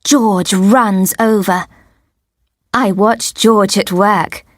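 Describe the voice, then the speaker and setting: Very slow, clear woman storyteller. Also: mid-range voice, fairly even intonation, no echo, clean studio sound. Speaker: audiobook narrator. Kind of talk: scripted narration for English learners.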